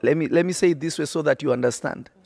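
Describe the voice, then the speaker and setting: A man's voice: on the high side, fast talker, creaky, a little mellow. A man preaching on a podcast, emphatic and repetitive, often checking that listeners follow. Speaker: prophet and podcast host.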